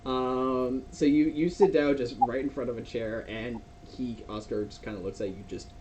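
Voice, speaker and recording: A man's voice: medium pitch, steady tone, moderate pace, dark tone, slight background noise. A man running a tabletop game as game master, narrating with many fillers and restarts. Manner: rambling, many fillers and restarts, laughs often. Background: music.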